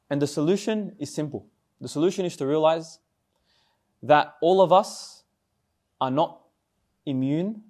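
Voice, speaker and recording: A man's voice: fairly high pitch, darkish tone. A young man giving a casual sermon to students, talking conversationally, often asking the listeners questions and repeating words. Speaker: speaker at a student Islamic society talk.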